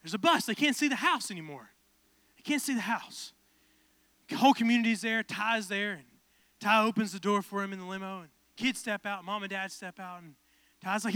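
Young guy preaching, tells a story then gets fired up, really high bright voice. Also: brisk, no echo. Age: 20s. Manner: casual, animated storytelling building to fervent preaching. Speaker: pastor. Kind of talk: storytelling sermon.

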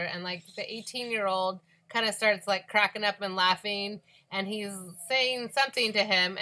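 A young woman telling a story in casual conversation, animated and acting out the voices of the people she quotes. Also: mid-range voice.

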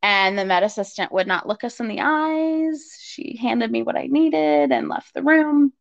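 Speaking unhurriedly in a slightly high, gravelly voice, a female guest recounts a personal story, full of fillers and acted-out quoted dialogue. The lo-fi recording sounds slightly dull.

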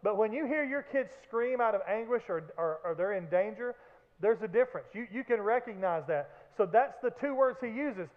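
A man preaching a sermon as pastor, animated, with acted-out shouts and joking asides. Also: high voice, normal speed. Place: church sanctuary. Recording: echoey hall, phone-like band.

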